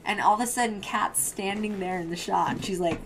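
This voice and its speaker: A woman's voice: mid-range voice, a little fast, very noisy. Bubbly rambling woman podcast host. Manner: bubbly, rambling storyteller with frequent laughs. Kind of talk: casual chat.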